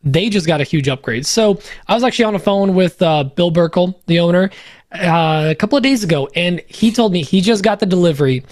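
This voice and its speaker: Man, native Polish speaker, high voice, dry close sound; upbeat, jokey sponsor read. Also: brisk, darkish tone, no echo. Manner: upbeat, joking, loose with fillers. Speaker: podcast co-host reading sponsor spots. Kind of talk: casual ad read on a podcast.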